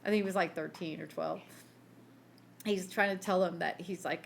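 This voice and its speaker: A woman's voice: fairly low pitch, fairly even intonation, moderate pace, vocal fry, a little hiss or hum. Chatty woman podcast co-host. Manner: chatty storyteller, laughs at her own stories. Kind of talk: casual chat.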